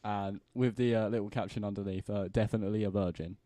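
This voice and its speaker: A man guests on a podcast, talking in a halting way and slipping in dry jokes. His voice is low-pitched. It is recorded close and dry. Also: fairly even intonation, mellow, no room sound. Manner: hesitant, halting, with dry humour. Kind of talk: casual chat.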